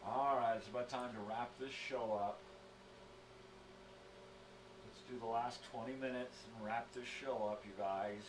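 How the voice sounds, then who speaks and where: A man's voice: medium pitch, fairly even intonation, measured pace, pauses often, background noise. An older man hosting a casual morning video from his home, coaxing his dogs and ranting with a lot of profanity. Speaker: vlog host.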